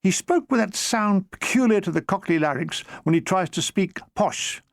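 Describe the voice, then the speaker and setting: A man's voice: high voice, expressive, moderate pace, creaky, no room sound. A man reading his own memoir aloud as an audiobook, with a dry comic storytelling manner. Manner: dry comic storytelling, briefly mimicking characters. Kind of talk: audiobook narration.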